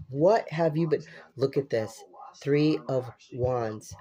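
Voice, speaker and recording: The audio is dull as a man with a congested, unusual-sounding voice gives a laid-back tarot reading. His voice is mid-range and warm and he takes it slowly, repeating himself and exclaiming with casual curses.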